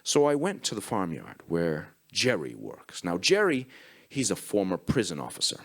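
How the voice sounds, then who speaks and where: A man's voice: low-pitched, wildly swooping pitch, moderate pace, creaky. An Irish man giving a comic conference talk, telling profane, self-mocking anecdotes. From Ireland. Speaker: conference speaker. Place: conference stage.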